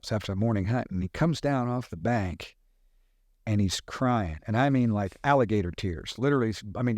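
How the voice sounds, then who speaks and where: A middle-aged man, a podcast guest, telling animated hunting stories with sound effects in casual talk. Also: fairly low pitch, no echo, studio quality. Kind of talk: casual storytelling.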